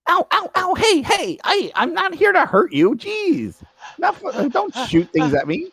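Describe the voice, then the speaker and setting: A man's voice: very high voice, wildly swooping pitch, unhurried, a bit bright, no echo, voice pushed up, heavily acted. A man voicing a small, friendly female winged windling who protests in pained yelps. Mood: pained, protesting.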